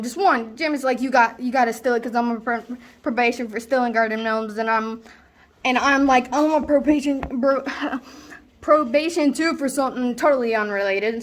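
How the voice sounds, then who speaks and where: A student actor with a slightly high, lightly acted voice records herself performing a stage monologue. She portrays a boastful, rambling slacker student spinning a wild tale full of fillers.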